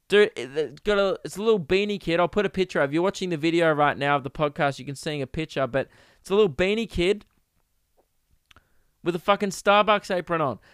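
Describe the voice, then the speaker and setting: A young Australian man hosting a podcast, ranting comically and exasperatedly, jumping into sudden high-pitched outbursts. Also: a bit bright, clean tone, dry recording, studio quality. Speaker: podcast host. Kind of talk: comedic rant.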